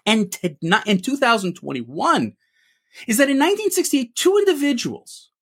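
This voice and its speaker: A man's voice: very high-pitched, wildly swooping pitch, moderate pace, a bit bright, husky. A man co-hosting a sports opinion show, giving an emphatic rant full of rhetorical questions. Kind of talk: ranting opinion commentary.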